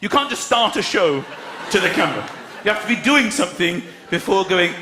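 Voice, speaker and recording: A man's voice: high-pitched, big pitch swings, a little fast, a little hiss or hum. A male stand-up comedian, telling a story on a theatre stage with exasperated energy and acted-out voices. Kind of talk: stand-up routine. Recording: echoey theatre with loud audience laughter. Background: audience laughing.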